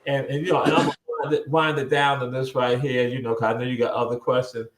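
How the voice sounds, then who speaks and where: Animated man telling a story. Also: mid-range voice, fast talker, reverberant, a little hiss or hum. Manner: animated, repeats words, acts out quoted voices. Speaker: guest. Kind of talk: casual storytelling interview. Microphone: video call.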